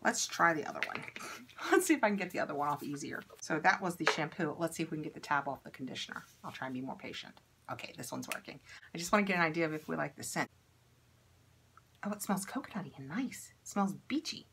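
A woman's voice: low voice, expressive, quick pace, a bit bright, a little hiss or hum. A woman chatting casually to camera while unboxing and trying beauty products, upbeat and thinking aloud as she goes.

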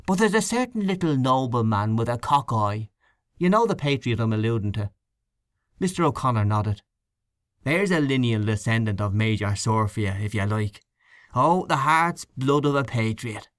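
A man's voice: mid-range voice, expressive, normal speed, no echo, lightly acted. A man doing a scornful, gossiping canvasser. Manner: scornful, complaining. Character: grumbling gossipy male election canvasser.

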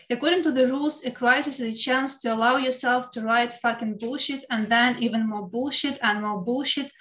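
A woman's voice: a little high, fairly bright tone, dull audio. A woman with a Ukrainian accent reads her own personal essay aloud in a frank, wry way, swearing bluntly. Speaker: writer reading her own piece.

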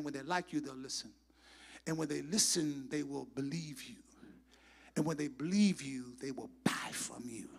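A man preaching a sermon as pastor, swinging from shouted, fervent passages to hushed, near-whispered asides. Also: a little high, vocal fry. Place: church sanctuary.

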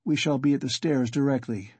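A man's voice: medium pitch, fairly quick, darkish tone, breathy edge, no room sound, close to an everyday voice. A man voicing a feverish, weak young man. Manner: strained and fretful. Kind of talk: audiobook character reading.

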